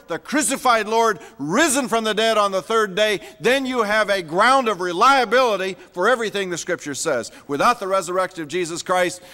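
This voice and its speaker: A man's voice: sits high, bright, forceful tone, in a large hall. A man preaching a sermon as a pastor, emphatic and repeating words for stress.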